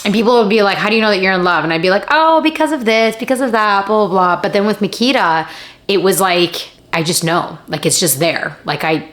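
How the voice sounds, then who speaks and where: A young woman speaks straight to her viewers in a confessional vlog, her voice teary and catching between laughter and crying. She talks earnestly, pleading and repeating herself for emphasis, in a slightly low register. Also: fairly bright tone. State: teary, laughing through tears. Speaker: vlogger and acting coach.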